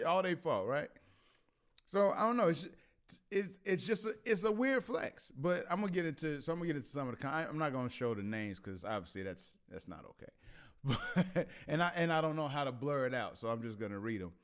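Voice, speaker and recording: A man's voice: mid-range voice, smooth. A man hosting a casual commentary vlog who laughs often and stammers through restarts. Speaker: vlog host.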